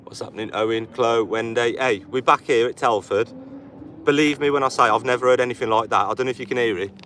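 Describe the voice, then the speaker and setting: An animal rights activist livestreams outdoors beside a roadside facility, blunt, agitated and swearing often. His mid-range voice moves at a quick pace, caught by a distant mic amid loud traffic noise.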